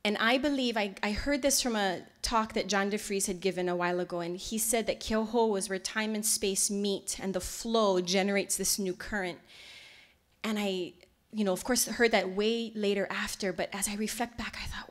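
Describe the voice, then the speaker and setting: A woman from Hawaii, giving a lecture as a heartfelt storyteller who often drops to a hushed near-whisper. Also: mid-range voice, steady tone, moderate pace. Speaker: lecture speaker.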